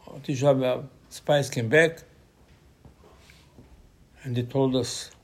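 A man's voice: medium pitch, fairly even intonation, takes it slowly, pauses often. A man giving an informal Torah lecture, arguing through rhetorical questions with his voice rising sharply.

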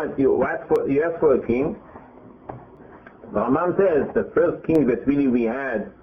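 Animated man teaching over a tinny line. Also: on the high side. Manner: lively, retells scripture in quoted dialogue, frequent restarts. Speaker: Torah teacher. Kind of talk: animated Torah class. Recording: tinny phone-like audio.

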